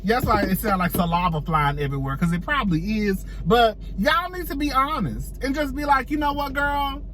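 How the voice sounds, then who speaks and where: A man's voice: high-pitched, animated, fairly quick, a bit bright, slight background noise. A man giving sassy, chatty reality-TV gossip commentary, addressing viewers as girl and y'all and laughing often. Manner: laughs often while talking. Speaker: celebrity gossip vlogger.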